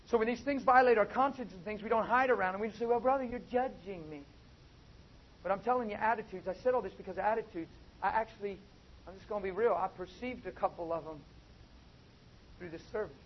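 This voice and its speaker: A man preaching a sermon, swinging from soft asides to loud, drawn-out emphatic phrases. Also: high voice, husky. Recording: dull, lo-fi with faint noise.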